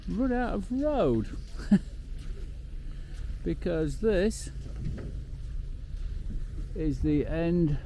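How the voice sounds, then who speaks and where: Slow, gravelly man vlogging outdoors. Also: high voice, very animated, warm tone, slight background noise. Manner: rambling, emotional, swears freely. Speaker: overland travel vlogger. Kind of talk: casual travel vlog to camera. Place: outdoors at the end of a road.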